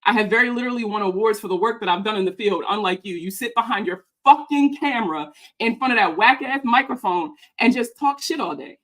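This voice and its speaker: Medium-pitched, animated and fairly bright, this woman makes personal finance videos and is tearing into a video about herself. Her delivery is quick, heated, profane, sarcastic and mocking.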